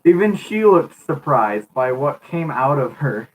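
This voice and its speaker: A man's voice: medium pitch, sing-song, measured pace, low-quality recording. Giggly man reading a book aloud. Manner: giggly, keeps cracking up while reading.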